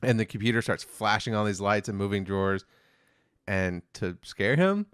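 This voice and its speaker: Low, smooth-voiced man recapping an episode. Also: moderate pace, no room sound, clean studio sound. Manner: rambling, many fillers, quotes characters flatly. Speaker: podcast co-host reviewing TV episodes. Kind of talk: casual chat, retelling a plot.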